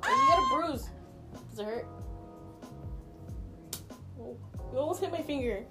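A young woman co-hosting a podcast in casual chat, teasing, silly and quick to laugh. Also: high-pitched, expressive, loud music behind the voice. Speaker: podcast co-host.

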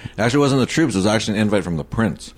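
A man who is a comedian guest, telling a story in an animated way during a casual chat. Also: on the low side, racing.

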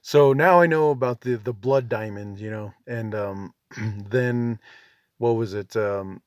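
A man's voice: fairly low pitch, unhurried, no echo, clean studio sound. A man in his forties, a veteran hosting a podcast, rambling in a casual, self-deprecating monologue full of "you know" and "um". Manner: laid-back, self-deprecating.

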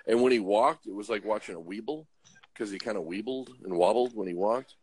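Low-voiced rambling joking man. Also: fairly quick, a little mellow, slightly rough. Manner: rambling, jokey, lots of uh and restarts. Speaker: truck driver. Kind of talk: casual joking storytelling.

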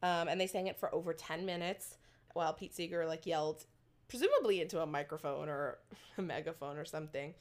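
A woman's voice: low-pitched, brisk. A young woman chatting casually, telling a story with many fillers and little laughs. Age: young adult. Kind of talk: casual chat.

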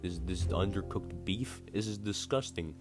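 A man putting on a pompous, furious suitor who rants at his hosts over a bad meal, stretching out his indignant words. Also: low-pitched. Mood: outraged. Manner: indignant ranting, drawn-out words. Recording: guitar music playing behind.

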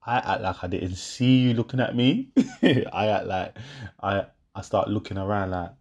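A man's voice: lowish voice, moderate pace. A young man, talking casually to his viewers and telling a story with laughter, acting out both sides of an argument. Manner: animated storytelling, half-laughing, acts out both sides of a row.

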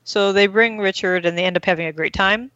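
A woman's voice: mid-range voice, steady tone, a little fast, fairly bright tone, no echo, muffled recording. A woman hosting a casual chat, rambling through a recap with many fillers and acting out quoted lines. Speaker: podcast host recapping an episode.

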